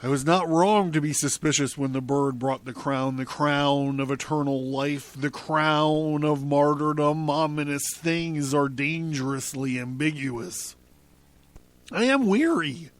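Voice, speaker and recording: A man's voice: on the high side, flat delivery, measured pace, few pauses. A man hosting a podcast, reading a book aloud in the first person and breaking off with amused, chuckling asides. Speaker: podcast host.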